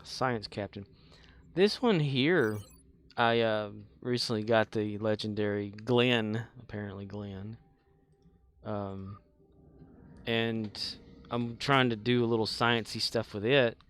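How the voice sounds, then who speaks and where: A man's voice: lowish voice, takes it slowly, fairly bright tone, clear, resonant tone. A man casually chatting while he streams a space game, laughing often and answering his chat.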